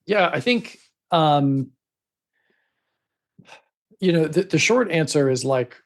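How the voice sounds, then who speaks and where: A man's voice: fairly high pitch, expressive, slow pace, vocal fry. A man appearing as a podcast guest who talks about book promotions in a loose, chatty way full of fillers and asides. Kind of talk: casual podcast conversation.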